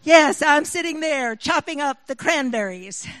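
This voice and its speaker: Higher-voiced woman preacher, dry sound. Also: lively intonation, unhurried, fairly bright tone, no echo, rough recording. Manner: mixes scripture reading with personal storytelling; emphatic, rising on appeals to the listeners. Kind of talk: sermon.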